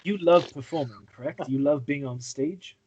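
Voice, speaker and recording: A man's voice: a little high, normal speed, highs cut off, a crowd in the background. A man playing a tabletop game, patiently coaxing another character as if talking to a child. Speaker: player. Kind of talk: casual tabletop game chat and in-character talk.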